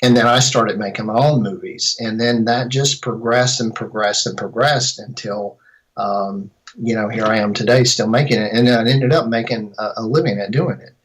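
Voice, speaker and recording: A man's voice: lowish voice, steady tone, normal speed, low-quality recording. A middle-aged man, a filmmaker and composer, answering interview questions in a casual, rambling way and often correcting himself mid-sentence. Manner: rambling, self-correcting storyteller.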